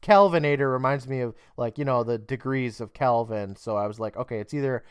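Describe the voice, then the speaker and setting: A man's voice: mid-range voice, a little fast, clear, resonant tone, dry recording, clean studio sound. A man co-hosting a podcast, chatting casually about a TV episode, laughing often and acting out the characters' lines. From United States. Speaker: podcast co-host. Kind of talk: casual chat recapping a TV episode.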